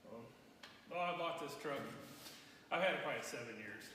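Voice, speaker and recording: A man being interviewed in his shop, telling a sentimental story in a halting, emotional way. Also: mid-range voice, lively intonation, noisy background. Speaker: interview guest, truck owner. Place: his own shop, indoors. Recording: roomy echo from far off.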